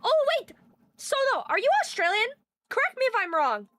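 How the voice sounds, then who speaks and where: Fast-talking bubbly young woman streamer. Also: very high voice, very animated, sharp tone, no echo. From Canada. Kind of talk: casual live-stream chat.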